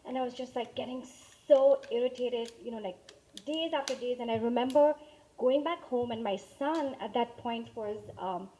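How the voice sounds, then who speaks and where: A woman in her forties on a discussion panel, telling a personal story in a lively way with acted-out quotes, speaking into a handheld mic. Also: on the high side, normal speed. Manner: animated storyteller, acts out quotes. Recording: dull lo-fi panel recording.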